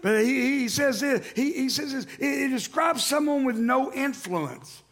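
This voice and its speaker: A man preaching a sermon in church, reading Scripture and calling out loudly to the congregation. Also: extremely high pitch, a little slow. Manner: animated preaching, rising to loud emphatic calls to the congregation. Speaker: pastor. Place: church sanctuary.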